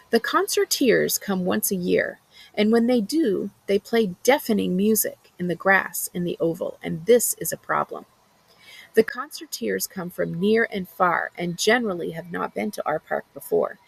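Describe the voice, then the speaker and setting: A woman's voice: mid-range voice, gravelly, slightly rough, no echo, rough recording. A woman librarian reading a book's opening aloud, then recommending it earnestly with a few fillers. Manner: earnest, enthusiastic book talk with some fillers. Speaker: school librarian.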